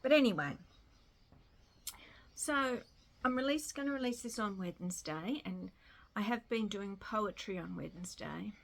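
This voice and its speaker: An Australian woman chats to camera from home, unhurried and meandering, drifting between thoughts. She pokes fun at herself as she goes, her voice sitting at an ordinary middle pitch. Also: animated, vocal fry. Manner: chatty, rambling, self-deprecating. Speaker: vlogger. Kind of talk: casual chat to camera. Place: home in Melbourne.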